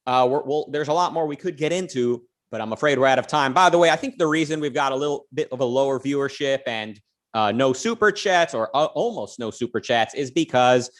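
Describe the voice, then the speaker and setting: A man co-hosting a casual livestream talks loosely and jokes around, with lots of fillers and restarts. His voice is mid-range and his pace brisk.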